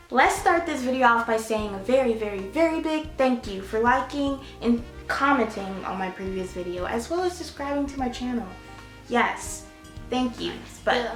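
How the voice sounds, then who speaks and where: A woman's voice: on the high side, roomy sound. A young woman hosting a casual vlog, chatty and playful, talking straight to her viewers with little asides. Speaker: vlogger host. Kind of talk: casual direct-to-camera vlog.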